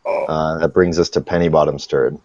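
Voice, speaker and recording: A man narrating as game master in an online tabletop game, relaxed and playful. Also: a bass voice, normal speed, no echo. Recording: slightly dull lo-fi voice call.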